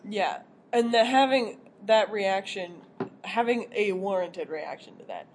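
A woman's voice: mid-range voice, unhurried, a little mellow, a little hiss or hum. A young woman co-hosting a podcast in casual chat, laughing often and trailing off mid-sentence. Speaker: podcast co-host.

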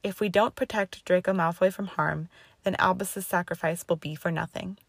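A woman reading the lines of an older headmistress witch, calm, measured and sympathetic, in a storybook reading. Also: fairly low pitch, gravelly, no room sound. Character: stern, steady older female headmistress witch.

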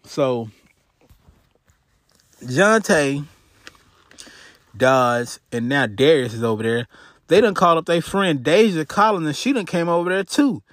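A man's voice: on the high side, slow pace, pauses often, no echo, studio quality. A man from Houston, telling a profane comedic story on his podcast. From Houston, Texas. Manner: animated, profane, swings into character voices. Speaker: podcast host.

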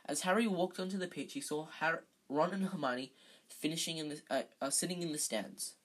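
Husky amateur reader, stumbling aloud. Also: medium pitch, brisk, a bit bright, rough recording. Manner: unpolished, frequent slips and self-corrections. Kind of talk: reading a children's novel aloud.

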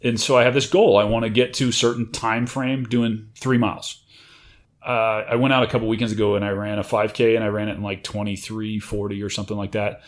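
A man's voice: on the low side, level tone, a little fast. A man in casual conversation, talking confidently and emphatically about drive and competition. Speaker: retired military chief.

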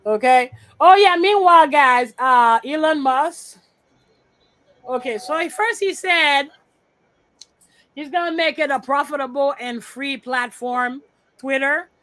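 With a high, slightly bright voice at a slow pace, a woman sorts files on screen while co-hosting a casual podcast chat. She's blunt, swears, and mutters to herself, and the recording is rough.

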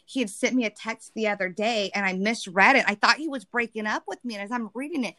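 A woman's voice: fairly high pitch, quick pace, bright, forceful tone. Woman sharing feelings in casual chat. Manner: emotional, rambling, many restarts.

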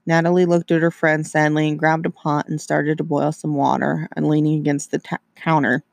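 A man casually reading a story aloud, narrating in an informal, relaxed way. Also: a little high, a little fast, vocal fry, no room sound. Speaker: reader.

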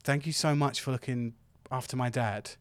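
A man's voice: mid-range voice, fairly even intonation, normal speed, dry recording, close to an everyday voice. Young son figure voiced by a man, hesitant, grateful, dry recording. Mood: friendly. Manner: rambling, hesitant.

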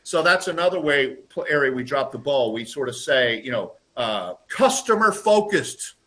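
Bright-voiced animated man telling stories. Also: medium pitch, normal speed. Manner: animated, acts out quotes in lively voices. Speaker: guest, lean process consultant and trainer. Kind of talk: conversational storytelling interview.

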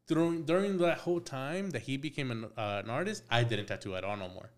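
A man's voice: medium pitch, expressive, quick pace, hardly any pauses. A young man, a tattoo artist, telling stories on a podcast in a laid-back way, swearing a lot and acting out quotes. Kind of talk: casual storytelling chat.

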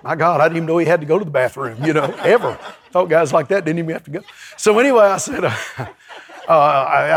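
A male pastor, preaching a lively sermon in a church and calling out to his congregation. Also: fairly high pitch, fast. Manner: lively, storytelling, calls to the congregation.

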